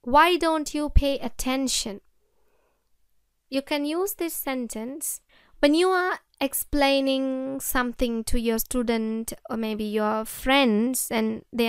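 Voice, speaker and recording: Sri Lankan-accented female English teacher; clear, smooth voice; repeats each example sentence. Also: on the high side, no echo, clean studio sound. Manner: repeats example sentences slowly, addresses children directly. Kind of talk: slow, deliberate classroom explanation.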